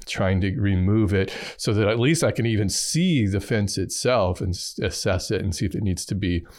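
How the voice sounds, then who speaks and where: A middle-aged man casually telling a funny story, jumping into a high voice whenever he acts out a quote. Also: moderate pace. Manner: animated, jumps high to act out quotes.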